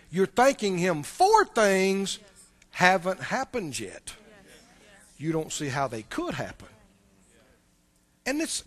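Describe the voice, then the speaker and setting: A man's voice: sits high, a bit bright. A male preacher giving a sermon, animatedly quizzing the congregation in a church.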